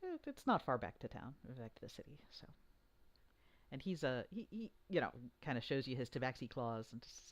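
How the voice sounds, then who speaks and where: Halting dungeon master narrating a game. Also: medium pitch, sing-song. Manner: halting, with many fillers and restarts.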